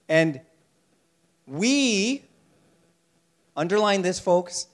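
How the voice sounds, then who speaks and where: A man with a high-pitched voice preaching a sermon. He talks to the congregation in an animated way and now and then acts out the people in the story. His pitch rises and falls sharply as he drives home his points. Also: measured pace, long pauses. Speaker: pastor.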